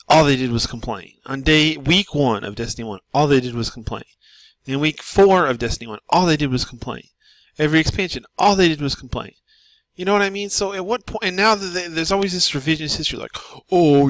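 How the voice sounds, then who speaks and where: A man's voice: mid-range voice, fairly bright tone, no room sound. A man giving an exasperated, repetitive ranting monologue as a gaming commentator.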